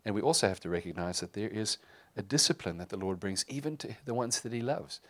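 A man's voice: on the low side, expressive, quick pace, fairly bright tone, dry recording. A middle-aged man, a pastor, preaching a sermon in a conversational way, with fillers and restarts.

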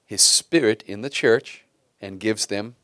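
Male pastor, middle-aged, low voice, dry close sound, chatty sermon full of rhetorical questions. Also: unhurried, fairly bright tone, no echo. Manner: conversational preaching with rhetorical questions.

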